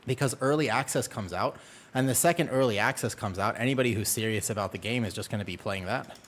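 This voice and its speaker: On a live gaming stream, a mid-range-voiced man talks casually, his excitement spilling out in rapid exclamations.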